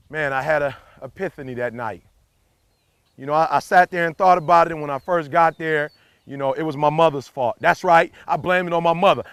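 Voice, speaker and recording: A man's voice: high voice, creaky, a bit bright, dry recording. A man giving a motivational speech in an emphatic, preachy way, repeating his key lines and driving each point home. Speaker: motivational speaker.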